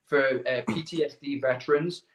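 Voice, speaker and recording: Middle-aged man guest, lively storyteller, voices the quotes, mid-pitched, roomy echo. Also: normal speed. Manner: animated anecdotes with quoted dialogue, repeats words. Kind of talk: casual storytelling interview. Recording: echoey room.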